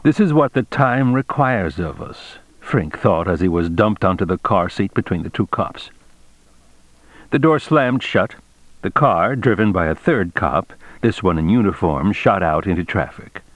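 A man narrating an audiobook in a measured, expressive reading style. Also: deep voice, no room sound. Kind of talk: scripted narration.

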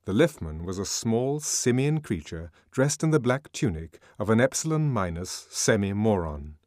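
Man narrating an audiobook, low voice, lively expressive read, dry close mic. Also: no echo. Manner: expressive, measured reading.

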